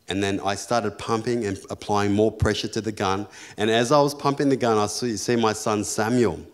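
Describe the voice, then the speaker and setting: An Australian man preaching as a pastor, telling jokey personal stories that build into loud, fervent preaching. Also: fairly low pitch. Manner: storytelling, jokey and lively, rising to loud preaching. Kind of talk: sermon.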